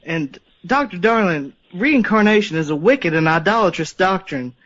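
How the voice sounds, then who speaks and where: A man's voice: high-pitched, expressive, normal speed, fairly bright tone, dull audio. A man calling in to a radio show, speaking in a preachy, disapproving manner. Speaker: caller. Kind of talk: phone-in call.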